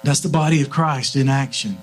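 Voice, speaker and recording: A man's voice: mid-range voice, brisk, a little hiss or hum, low-quality recording. A middle-aged man preaching a sermon in a church, telling family stories earnestly and often restarting his sentences. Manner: earnest storytelling, frequent restarts.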